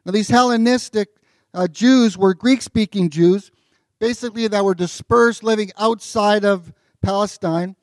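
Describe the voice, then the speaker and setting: A pastor giving a sermon in a relaxed, conversational way, with filler words and joking asides, as he reads and explains scripture. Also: sits high, measured pace, no room sound, clean studio sound.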